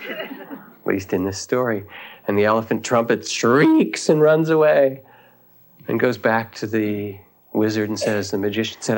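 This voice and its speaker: In a voice on the low side, a man delivers a dharma talk as a meditation teacher. He's reflective and unhurried, pausing thoughtfully as he shares a teaching story.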